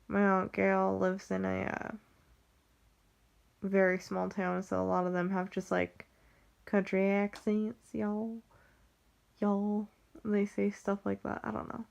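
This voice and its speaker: A woman's voice: mid-range voice, creaky. A young woman with a Western American accent, chatting casually and rambling about her family, saying "like" constantly. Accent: General American, Western US. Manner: rambling, heavy use of "like", frequent restarts. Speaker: vlogger.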